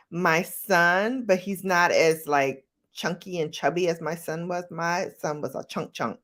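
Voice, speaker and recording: A middle-aged woman vlogger chatting casually with viewers, animated and laughing as she tells stories. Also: slow. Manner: animated, laughing, jumps into high-pitched quoted voices. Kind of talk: casual chat answering viewer questions.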